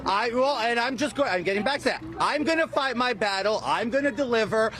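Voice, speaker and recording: A man's voice: extremely high pitch, a little fast. A man in a public statement to reporters, making defiant, repeated vows. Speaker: politician speaking to reporters.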